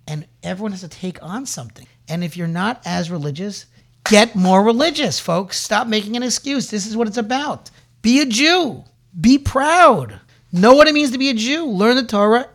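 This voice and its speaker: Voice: mid-range voice, a bit bright. Fervent, rallying Jewish preacher. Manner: fervent and repetitive, building to rallying calls; storytelling with Hebrew and Yiddish terms woven in. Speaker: Jewish inspirational speaker. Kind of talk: impassioned religious exhortation.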